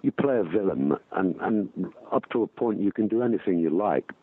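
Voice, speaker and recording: Older guy on a phone interview, lowish voice, tinny dry line, lots of ums and restarts. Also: expressive, no room sound. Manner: halting, with many ums and restarts. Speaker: actor and guest.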